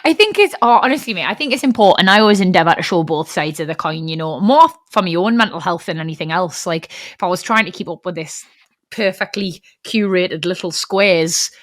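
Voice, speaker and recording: A woman's voice: lowish voice, a little fast, no room sound, studio quality. A woman hosting a podcast in casual, chatty talk, often laughing and calling her guest mate. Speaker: podcast host. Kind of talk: casual chat.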